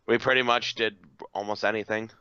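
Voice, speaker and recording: Low-voiced young man stammering dryly. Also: flat delivery, fairly quick, bright, forceful tone, clean tone, no echo, lo-fi sound. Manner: hesitant, stammering restarts, dry. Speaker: podcast co-host. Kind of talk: casual chat.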